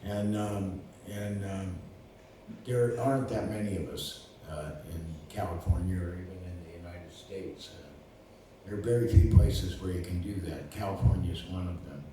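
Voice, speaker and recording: A man's voice: deep voice, fairly even intonation, normal speed. Older man spinning rambling stories in an echoey room. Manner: rambling, with many fillers and restarts. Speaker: lawyer and guest. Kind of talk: casual storytelling. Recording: roomy distant recording with faint noise.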